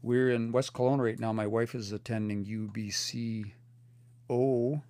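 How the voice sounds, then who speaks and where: A man's voice: medium pitch, fairly even intonation, measured pace, warm tone, dry recording, studio quality. A man teaching a language on a livestream, reading out chat comments and explaining pronunciation in a thoughtful, earnest way with frequent restarts. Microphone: phone or computer mic for a livestream.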